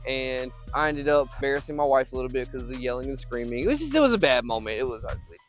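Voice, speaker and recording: Young dude vlogging in a field, chatty and rambly, faint music under it. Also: male voice, medium pitch, animated, fast, low-quality recording. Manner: chatty, rambling, breaks off to call his dog. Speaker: vlogger and software company owner. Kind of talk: casual vlog monologue outdoors. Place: outdoors in a field.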